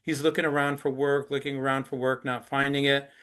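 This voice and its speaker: A man's voice: mid-range voice, level tone, a little fast, pushed and bright, clean tone. A middle-aged man being interviewed, earnestly explaining hard subjects through step-by-step examples. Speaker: anti-trafficking activist, interview guest. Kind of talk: conversational interview.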